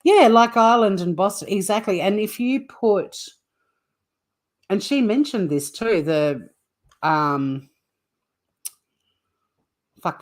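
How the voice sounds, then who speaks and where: A woman hosting a livestream, rambling in casual chat with viewers and swearing freely. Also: lowish voice. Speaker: livestream host.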